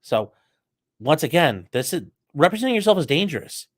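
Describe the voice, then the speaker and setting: Blunt man giving lively courtroom commentary. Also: fairly high pitch, fairly quick. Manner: blunt, emphatic, sports analogies, occasional swearing. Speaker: host commenting on a trial clip. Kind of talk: casual commentary.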